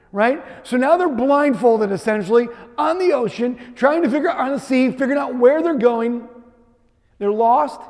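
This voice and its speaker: A man preaching a sermon, telling a personal story in a lively way with frequent "right?" asides. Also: extremely high pitch. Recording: echoey hall reverb.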